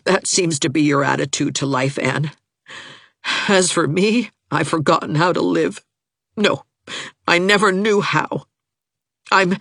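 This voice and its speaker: A woman reader voicing a bitter, lonely young woman teacher who speaks haltingly and with self-pity, in an audiobook. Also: on the low side, a bit bright, no echo, clean studio sound, voice pushed up, heavily acted. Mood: anguished. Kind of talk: audiobook character voice.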